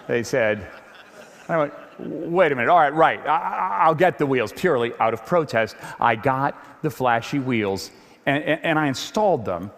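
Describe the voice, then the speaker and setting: A man giving a lively stage talk to an audience, animated, often repeating words as he builds up steam. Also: medium pitch, normal speed, vocal fry, big-room sound. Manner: animated, repeats words when getting going.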